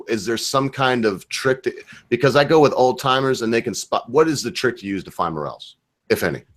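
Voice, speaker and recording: A man's voice: medium pitch, fairly bright tone. A drunk man from Michigan hosting a casual livestream chat, crude and rambling. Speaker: livestream host.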